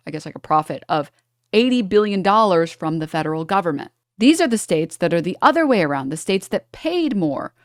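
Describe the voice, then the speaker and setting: A woman's voice: medium pitch, no echo, clean studio sound. A woman from New York streaming live, talking to her chat and thinking aloud over charts in a sarcastic, condescending tone.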